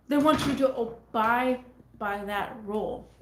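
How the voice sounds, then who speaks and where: A woman's voice: fairly high pitch, measured pace, slight background noise. Rambling woman vlogger in an echoey room. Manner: rambling, repeats phrases. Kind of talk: casual talk to camera.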